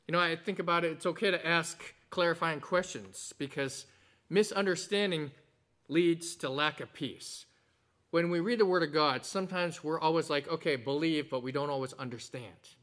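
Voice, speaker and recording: Man preaching a lively sermon. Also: fairly high pitch. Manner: animated preaching with a told joke and acted quotes. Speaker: pastor.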